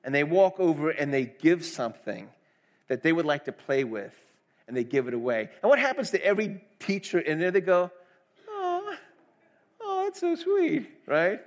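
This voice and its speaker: A man's voice: on the high side, expressive, brisk. A middle-aged man preaching a sermon, earnest and conversational, asking the congregation questions. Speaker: pastor.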